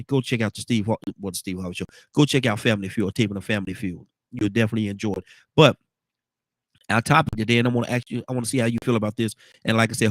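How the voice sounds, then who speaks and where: A man's voice: lowish voice, dry recording. Congested man hosting a morning show. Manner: rambling, repeats words, folksy asides. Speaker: radio talk show host. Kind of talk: casual morning talk show chat.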